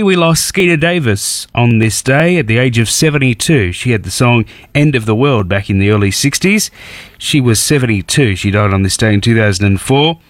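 A man's voice: medium pitch, no room sound, studio quality. A man hosting a radio show, chatty and upbeat as he talks between songs and reads out the day's anniversaries. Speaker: radio host. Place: radio studio.

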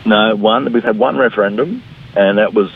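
A man's voice: on the low side, normal speed, vocal fry, a little hiss or hum. A middle-aged Australian man, a politician giving a blunt, combative radio interview. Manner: blunt, combative, mimics opponents. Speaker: politician guest. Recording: phone-line interview audio.

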